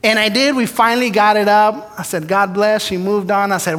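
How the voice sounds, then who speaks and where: A man's voice: sits high, steady tone, normal speed, fairly bright tone. A man preaching a storytelling sermon, who acts out his prayers and the dialogue in his stories. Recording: long hall reverb.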